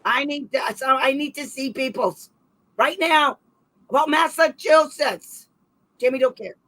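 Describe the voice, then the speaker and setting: Speaking in a high register, a woman hosts a casual livestream about special education advocacy. Expect rambling, animated talk punctuated by brisk sarcasm, all on a rough recording.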